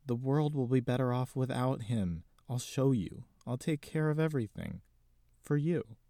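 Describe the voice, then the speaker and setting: A man plays a brooding, vengeful schemer with a menacing air. His mid-range, dark-toned voice moves at normal speed and is pitched above his own natural voice, recorded dry with clean studio sound.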